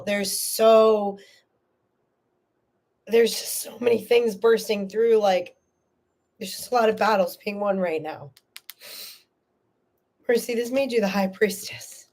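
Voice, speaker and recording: A woman's voice: medium pitch, takes it slowly, long pauses, a little mellow. A woman hosting a live tarot reading, talking earnestly and emotionally to a viewer in a soothing, reassuring way. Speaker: tarot reader and host.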